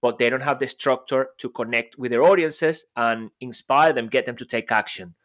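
A man's voice: mid-range voice, normal speed, a bit bright. A man co-hosting a podcast, chatting casually in an upbeat, agreeable way. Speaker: podcast co-host.

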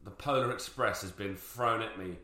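Young male co-host, teasing banter, bright and animated, roomy sound. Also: on the low side, moderate pace. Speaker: podcast co-host. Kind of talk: casual chat. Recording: roomy echoey room.

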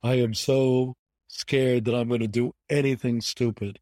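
A man in his seventies from the United States, a guest telling animated stories with emphatic repetition in an interview. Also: mid-range voice, a little slow, no room sound. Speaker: guest, bridge champion. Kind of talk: conversational storytelling interview.

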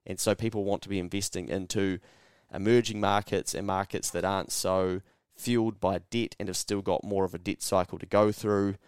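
A man's voice: deep voice, fairly even intonation, normal speed, a little mellow, clear, resonant tone, dry recording, clean studio sound. A man with a New Zealand accent hosting a solo podcast, talking bluntly and sarcastically and acting out mock dialogues. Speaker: podcast host. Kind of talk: casual solo podcast monologue.

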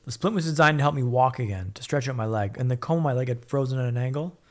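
A man appearing as a podcast guest tells his own story in a casual, candid way, blunt, upbeat, and swearing freely. His voice is mid-range and his pace fast.

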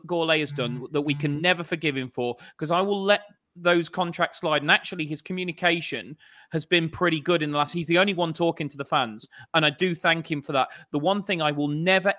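A man with a bright, forceful and fairly high voice, talking football on a podcast panel. He rants in a frustrated way about how his club has been run. It is casual chat between fans. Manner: frustrated, ranting about his club's board.

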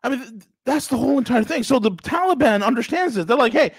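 A man with a notably high voice for a male talk host, ranting through political commentary. He is sarcastic and emphatic, and the sound is close and dry with no room echo. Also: lively intonation, fast, breathy edge.

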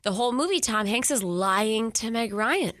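A woman's voice: fairly high pitch, animated, moderate pace, a bit bright, dry recording, studio quality. A woman co-hosting a podcast, casually recapping a movie with lots of laughter and acted-out quotes. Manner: chatty, laughing, acts out quotes. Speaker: podcast co-host.

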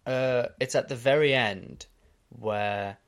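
This is an Australian man co-hosting a relaxed podcast. He talks quickly and with animation as he recaps what happened. His pitch sits in a mid range for a man. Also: vocal fry, clean tone. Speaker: podcast co-host. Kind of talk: casual podcast chat.

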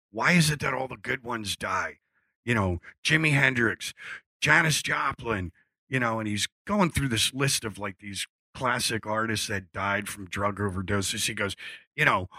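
A man's voice: on the low side, bright, forceful tone, dry recording. A man from Philadelphia telling a casual story, acting out quotes and swearing freely. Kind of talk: casual anecdote.

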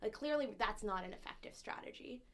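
A woman's voice: a little high, expressive, brisk, a bit bright. A woman with a slight lisp, chatting on a podcast as a co-host candidate and telling a story in a blunt, heated way, swearing freely.

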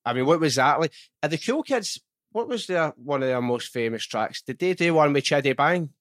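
A man's voice: a little high, lively intonation, fairly quick, fairly bright tone, no room sound, clean studio sound. A man hosting an interview, chatty and asking long, winding questions. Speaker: podcast host. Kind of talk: conversational interviewing.

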